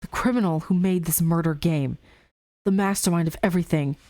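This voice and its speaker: A woman's voice: lowish voice, fairly quick, dark tone, natural voice. A woman reading the lines of a young male student who coldly accuses a classmate in a murder mystery game. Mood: accusing.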